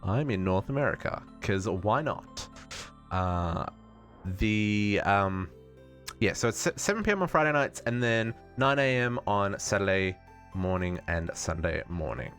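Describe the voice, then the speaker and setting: With faint music behind him, this Australian streamer chats casually with viewers as he plays a modded game, musing aloud and fixing his own statements. His voice sits on the low side, expressive and fairly bright, and he takes his time.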